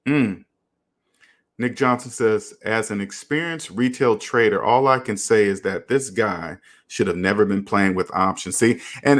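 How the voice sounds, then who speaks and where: Earnest low-voiced man reading chat live. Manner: earnest, preachy, animated. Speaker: channel host. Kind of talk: casual live-stream commentary reading chat.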